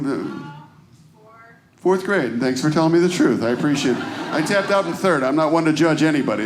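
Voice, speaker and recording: Self-deprecating middle-aged comedian, roomy stage. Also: male voice, fairly high pitch, noisy background. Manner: conversational and self-deprecating, bantering with the crowd. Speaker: stand-up comedian. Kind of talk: stand-up routine with crowd work. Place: comedy club stage before a live audience. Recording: roomy live stage recording.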